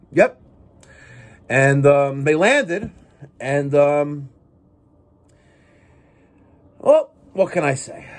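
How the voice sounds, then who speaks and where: A man ranting angrily to his viewers. He swears a lot and swings between shouting and muttering. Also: on the high side. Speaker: plumbing business owner and show host. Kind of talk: ranting monologue to camera.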